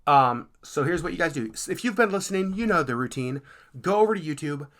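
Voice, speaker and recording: Lively low-voiced woman podcaster. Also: fast. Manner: animated, earnest, laughs easily. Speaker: podcast co-host. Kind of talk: casual podcast chat. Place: lives in Alaska.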